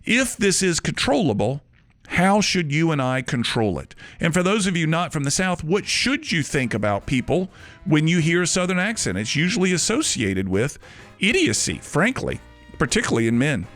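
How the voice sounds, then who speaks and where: A man's voice: a little high, big pitch swings, normal speed, a bit bright, dry recording, soft background music. A man hosting a radio show, musing aloud with rhetorical questions before a segment. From Mobile, Alabama.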